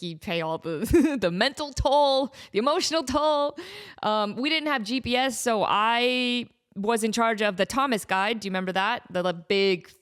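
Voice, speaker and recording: Animated, laughing woman podcast host. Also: mid-range voice, clear, resonant tone. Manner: animated, rambling, frequent laughter. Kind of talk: casual storytelling monologue.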